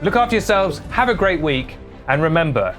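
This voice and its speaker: A man's voice: a little high, sing-song, fairly quick, music in the background. A young man hosting an online news show, reading stories and viewer replies with dry, sarcastic asides. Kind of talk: scripted online news commentary.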